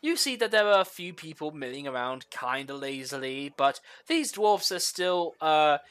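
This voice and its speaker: A man narrating as the game master of a tabletop game, pausing often with fillers while he describes scenes. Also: on the high side, a bit bright.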